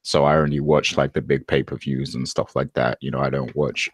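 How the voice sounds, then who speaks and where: Male guest, very deep and monotone, hesitant with fillers. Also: a little fast, husky, dry recording, studio quality. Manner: hesitant, self-deprecating, many fillers. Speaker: podcast guest. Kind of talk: casual podcast chat.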